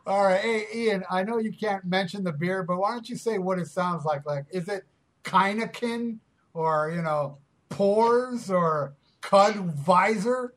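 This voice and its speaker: High-voiced teasing podcast host man. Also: unhurried. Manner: teasing, crude, rambling with many fillers. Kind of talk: casual podcast banter.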